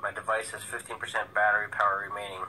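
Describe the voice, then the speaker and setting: A man's voice: lowish voice, flat delivery, fast, sharp tone, a little hiss or hum, low-quality recording. A man talking agitatedly into his phone on a live stream at home, rambling and swearing. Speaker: vlogger and self-styled presidential candidate. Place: indoors at home.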